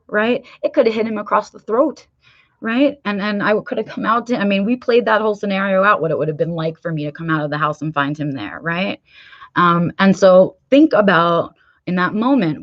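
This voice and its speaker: A woman's voice: medium pitch, no room sound, muffled recording. A woman from New York hosting a casual livestream, telling a story candidly with frequent "right?" checks and some swearing. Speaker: livestream host.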